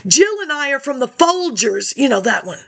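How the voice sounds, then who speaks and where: High, gravelly-voiced woman rambling. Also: big pitch swings, moderate pace, a bit bright. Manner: scattered, talks back to herself in asides. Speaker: vlogger reading old archive documents. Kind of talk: rambling monologue. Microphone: laptop webcam.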